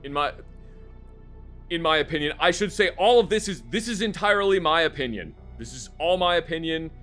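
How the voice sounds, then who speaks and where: A man's voice: on the high side, lively intonation, brisk, fairly bright tone, faint music behind. A man streaming live, rambling casually about a game he just finished, with lots of fillers and the odd curse.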